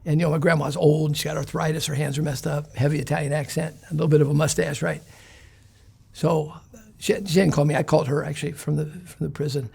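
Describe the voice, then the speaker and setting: Guy, gravelly and a bit husky, rambling street stories in an interview. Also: fairly high pitch, little pitch movement, quick pace, darkish tone. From Chicago. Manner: rambling, streetwise storytelling with fillers. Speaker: interview guest. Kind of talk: casual storytelling interview.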